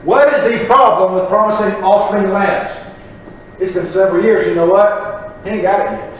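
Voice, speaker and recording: A man preaching a sermon in a church, acting out prayers in a lively, conversational way. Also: high-pitched, moderate pace, slight background noise. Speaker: pastor. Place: church chapel. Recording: echoey church recording from far off.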